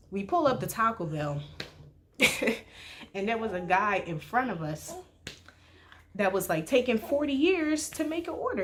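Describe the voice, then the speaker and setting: A woman's voice: fairly low pitch, a little hiss or hum. Slangy young woman telling a story. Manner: slangy, animated, heavy use of "like". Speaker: storytime vlogger. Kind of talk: casual storytelling.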